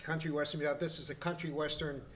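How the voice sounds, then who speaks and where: A male guest telling jokes in casual talk, with rambling, halting setups. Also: a little high, flat delivery, over a noisy crowd.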